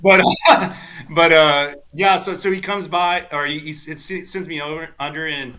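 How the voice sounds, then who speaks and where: A man's voice: a little high, steady tone, normal speed, bright, forceful tone. A man from South Texas, a golf instructor guest on a podcast, telling rambling anecdotes full of fillers and quoting people animatedly. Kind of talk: casual storytelling chat.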